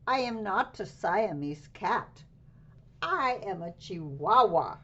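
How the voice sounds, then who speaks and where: A woman's voice: mid-range voice, expressive, slow, bright, forceful tone, highs cut off, exaggerated voice. A woman voicing a bouncy young male cat who thinks he is a Chihuahua, speaking with a put-on Spanish accent in a sing-song way. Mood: proud.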